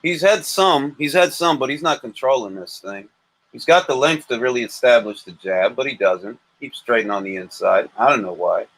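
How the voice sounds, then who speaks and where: A man hosting a livestream, talking boxing in an animated, joking and blunt way. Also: mid-range voice, moderate pace. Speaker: livestream host. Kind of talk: casual boxing chat.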